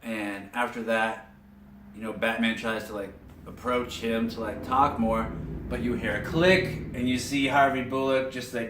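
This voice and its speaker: A man giving a casual spoken recap of a cartoon episode, telling it as an animated story with lots of filler words. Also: mid-range voice, moderate pace, a little hiss or hum. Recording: roomy echo, distant from mic.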